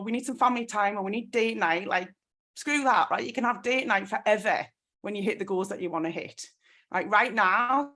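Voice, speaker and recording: A woman's voice: mid-range voice, fairly bright tone. A woman in her thirties giving a motivational talk on a team call, telling a story with many "like" fillers. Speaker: network marketing team leader.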